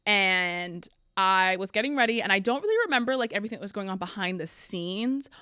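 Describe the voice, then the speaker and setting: A young woman hosting a podcast, telling funny stories from her life in a chatty, animated way, often laughing. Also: medium pitch, fairly quick, smooth, dry recording, clean studio sound. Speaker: podcast host. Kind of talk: casual storytelling.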